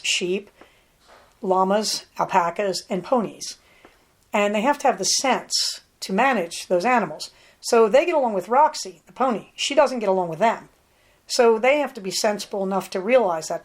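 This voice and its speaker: A chatty woman spins a long, rambling story for her podcast, now and then breaking off for an aside to her dog at home. Her voice sits at an ordinary middle pitch, and she talks in a relaxed way. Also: normal speed. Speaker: podcast host. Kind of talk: casual storytelling monologue. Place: at home on a ranch.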